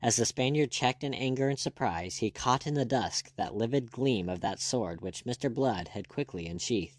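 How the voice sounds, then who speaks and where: This man narrates an audiobook from a script, his pitch on the low side and his delivery even and measured. It's a dry, clean studio recording.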